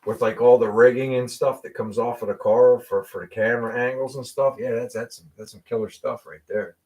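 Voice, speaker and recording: A man's voice: mid-range voice, fairly even intonation, brisk, a little mellow. A middle-aged man from Western Pennsylvania hosting a casual car hobby chat. He laughs often and repeats words as he gets going. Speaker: host of a car hobby live show.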